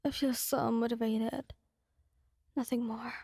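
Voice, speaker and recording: A woman playing a sad, tearful young woman in whispered role-play, speaking in a shaky, apologetic hush. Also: on the high side, flat delivery, a little slow, vocal fry, husky, no room sound, studio quality, full character voice.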